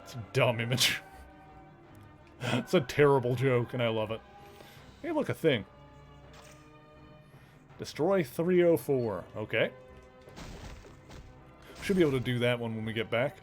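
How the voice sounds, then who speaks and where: A man streams a video game and chats along in a loose, joking way, full of fillers and asides. His pitch sits mid-range. Faint game music plays behind him. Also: animated, measured pace, pauses often. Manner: chatty and joking, with filler words. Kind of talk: casual let's play commentary.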